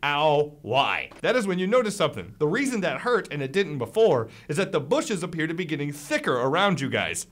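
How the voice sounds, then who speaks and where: Young male game master, somewhat high voice, lively narration, podcast mic. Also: fast talker, hardly any pauses. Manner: lively, laughs often while describing the action.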